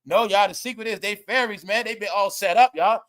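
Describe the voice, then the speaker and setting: A young man hosting a live gossip commentary stream, loud and laughing, often calling out to viewers. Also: high voice, brisk. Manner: loud, laughing, repetitive, addresses viewers as y'all. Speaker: commentary host.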